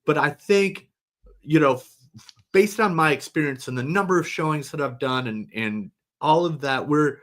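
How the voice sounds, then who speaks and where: A middle-aged man, a company founder, talking casually as a webinar guest, relaxed and rambling with restarts. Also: a little high, moderate pace.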